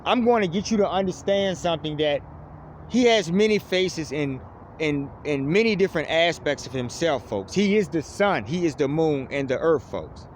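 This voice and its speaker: A man delivering a fervent spiritual monologue to viewers, closing almost every phrase with a low, trailing "folks.". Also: lively intonation, moderate pace, a little hiss or hum. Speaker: preacher addressing online viewers.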